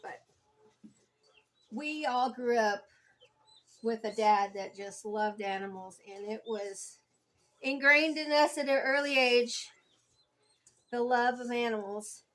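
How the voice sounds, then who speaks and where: A woman's voice: fairly high pitch, takes it slowly, long pauses, a bit bright. Chatty woman cooking at home. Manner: homey and chatty, talks while chewing. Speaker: homestead cooking vlogger. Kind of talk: casual cooking chat. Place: home kitchen.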